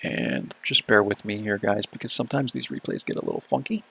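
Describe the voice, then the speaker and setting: Low gravelly-voiced man talking casually. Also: huge pitch swings, brisk, a bit bright. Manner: laid-back, chatty, says "right?" and "man" often. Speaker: gaming video host. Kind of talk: casual replay commentary.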